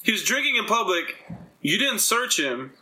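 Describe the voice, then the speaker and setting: Animated bright-voiced male podcast host. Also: high voice, moderate pace, poor audio. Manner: animated storyteller, acts out quotes, swears freely. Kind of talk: casual podcast chat.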